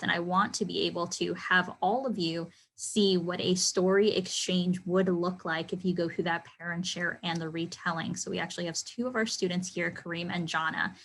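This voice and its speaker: A woman's voice: lowish voice, creaky, a bit bright, low-quality recording. A woman leading a workshop discussion, explaining the exercise and guiding students to begin. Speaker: discussion leader. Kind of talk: workshop facilitation.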